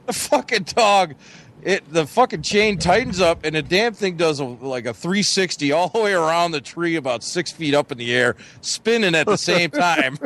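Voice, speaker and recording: A man's voice: fairly high pitch, a bit bright. Casting: middle-aged guy, gabby swearing podcast co-host, loose storyteller. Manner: profane storytelling, lots of "you know". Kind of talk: casual chat.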